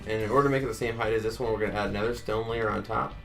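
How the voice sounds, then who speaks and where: A man's voice: on the low side, fairly even intonation, rapid-fire, creaky, a bit bright, faint music behind. A man hosting a casual game-building tutorial, talking chattily to viewers and counting blocks aloud. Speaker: Minecraft tutorial host.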